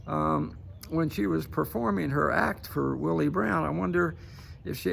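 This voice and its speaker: A man with a heavily gravelly, rough-edged voice sitting a bit higher than most men's, delivering emphatic political commentary straight to camera. He hammers his points and keeps checking in with his listeners with a quick "okay?". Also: a bit bright, a little hiss or hum.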